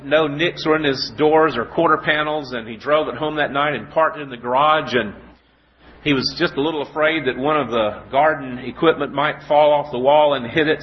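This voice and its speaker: A man preaching a sermon, telling a story, then reading scripture slowly with emphasis and asking rhetorical questions. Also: a little high. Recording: dull lo-fi recording.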